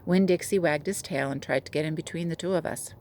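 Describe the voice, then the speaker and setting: A woman teacher reading a children's novel aloud to her class in a steady, gentle way. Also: low-pitched, fast talker, slight background noise.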